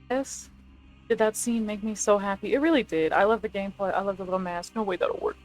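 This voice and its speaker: A young woman chatting casually as a video creator, rambling and excitable, correcting herself as she pitches ideas. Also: quick pace, faint music behind. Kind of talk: casual chat, movie rewrite ideas.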